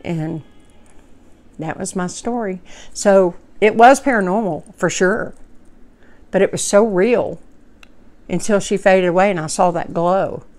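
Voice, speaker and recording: A woman's voice: mid-range voice, measured pace, pauses often, a little mellow. A woman, telling a personal story to her viewers in a heartfelt, rambling, folksy way. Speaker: vlogger.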